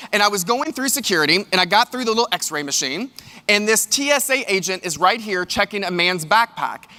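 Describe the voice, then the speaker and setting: Keynote speaker: man, high and bright, animated storyteller, reverberant hall. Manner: animated storytelling, addresses audience directly. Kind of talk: motivational keynote. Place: large hall with live audience.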